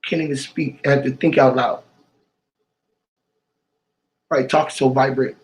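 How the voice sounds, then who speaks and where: A man talking to camera in a rambling, emotional monologue, swearing often and swinging between loud outbursts and low mutters. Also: fairly even intonation, normal speed. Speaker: vlogger.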